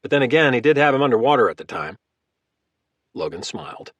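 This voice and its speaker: A man's voice: medium pitch, sing-song, fairly quick, fairly bright tone, no echo, highs cut off. Man narrating a thriller audiobook.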